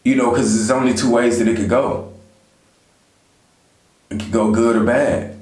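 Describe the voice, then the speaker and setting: A man's voice: medium pitch, fairly even intonation, moderate pace, darkish tone. A man vlogging life advice in a casual, conversational way, talking straight to his viewers and often saying "you know". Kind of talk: casual motivational talk to camera. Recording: echoey room.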